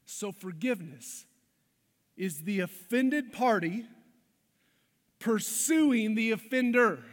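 High-voiced man preaching in a reverberant hall. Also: expressive, slow. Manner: emphatic, shifts between loud stresses and hushed lines. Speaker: pastor. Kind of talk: sermon. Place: church hall.

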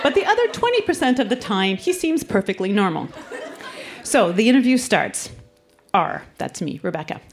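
A woman's voice: mid-range voice, big pitch swings, normal speed. A woman reading her teenage school writing aloud on a live club stage, with wry asides.

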